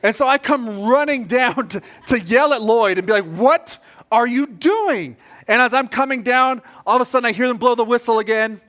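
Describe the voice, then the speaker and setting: A man preaching a sermon as pastor, telling a story in an animated, direct way. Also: very high voice, a little fast, few pauses.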